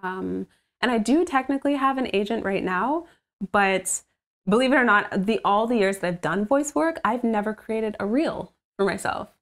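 Speaking from her home setup, this voice-over artist talks about her work in a relaxed interview, full of laughter and fillers. Her mid-range voice is animated and moves at a moderate pace.

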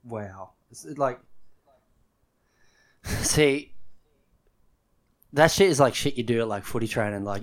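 A man's voice: mid-range voice, slow pace, long pauses. Man, podcast co-host, blunt, swears a lot, casual banter. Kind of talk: casual chat.

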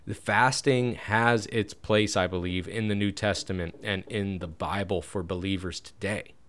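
A man's voice: low voice, fairly even intonation, normal speed, a bit bright, slight background noise. A man giving a casual, conversational Bible teaching, speaking to listeners with asides and restarts.

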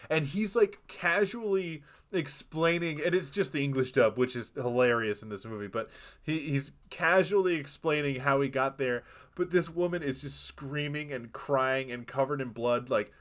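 A man co-hosting a film podcast, retelling scenes in a rambling, animated way with acted-out quotes. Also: medium pitch, normal speed. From lives in Boston. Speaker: podcast co-host. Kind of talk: casual film discussion.

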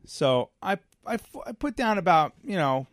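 Gravelly man telling stories. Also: high-pitched, measured pace, no echo, studio quality. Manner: animated storyteller who acts out dialogue. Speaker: podcast co-host. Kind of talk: casual chat, storytelling.

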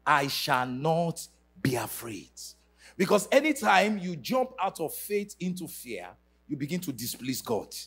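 A man's voice: on the high side, sing-song, a little slow, fairly bright tone, slightly rough. A man preaching a sermon to a church congregation, emphatic and sing-song, leading call-and-response. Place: church service.

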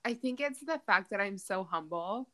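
A woman's voice: medium pitch, lively intonation, moderate pace, bright, forceful tone. Playful, ironic young woman podcast host. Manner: playful, ironic, swears freely. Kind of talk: casual banter.

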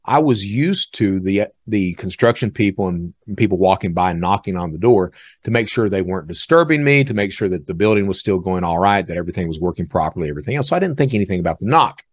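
A man hosting a podcast, telling a story in a casual, animated way and acting out other people's lines. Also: deep voice, fast talker, dry recording, studio quality. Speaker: podcast host.

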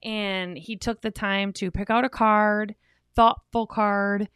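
A woman's voice: mid-range voice, steady tone, slow, fairly bright tone, clear, resonant tone, no echo, clean studio sound. A woman co-hosting a couples podcast, telling a long, rambling story in a chatty way. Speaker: podcast co-host. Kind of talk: casual podcast talk.

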